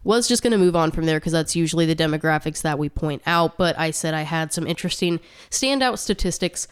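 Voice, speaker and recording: A woman's voice: sits low, lively intonation, a little fast, clear, resonant tone. A woman co-hosting a podcast, chatting casually and reading out statistics with asides, a little short of breath. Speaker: podcast co-host. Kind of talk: casual chat.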